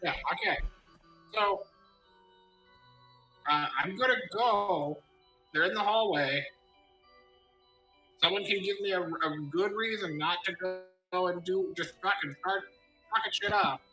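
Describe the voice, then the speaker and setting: A woman's voice: on the low side, unhurried, long pauses, pushed and bright, roomy sound, faint music behind, low-quality recording. A woman player in a tabletop game, blunt and joking, swearing freely. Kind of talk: casual game chat.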